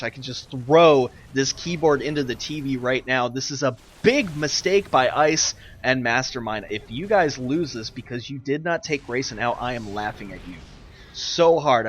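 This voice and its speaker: A young man casting a live online strategy game, ranting and exasperated, swinging between loud outbursts and muttered asides. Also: mid-range voice. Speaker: game caster and streamer.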